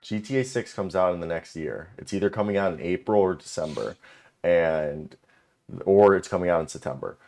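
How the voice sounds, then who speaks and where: A man's voice: low-pitched, normal speed, a little mellow. A young man hosting a casual streamed show, talking loosely, swearing now and then and cutting in on his co-host. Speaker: podcast host. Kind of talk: casual chat. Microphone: desk microphone.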